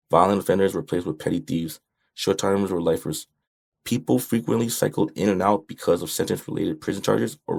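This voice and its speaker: In his own audiobook memoir, an American author reads with a low, darkish voice marked by vocal fry. The tone is blunt and wry, and he swears occasionally.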